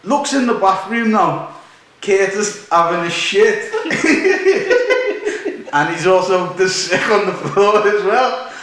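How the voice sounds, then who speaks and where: Laughing bloke, echoey room. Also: male voice, high-pitched, slow pace. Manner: animated, laughing storyteller. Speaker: podcast host. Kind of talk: casual storytelling chat.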